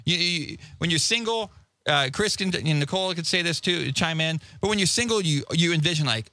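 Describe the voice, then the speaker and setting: A man in his forties hosts a casual talk show, his voice high and bright. He tells stories in an animated, rambling way that keeps wandering off track. The sound is dry and close to the mic. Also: brisk, no echo. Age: 40s. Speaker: host. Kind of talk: casual podcast chat.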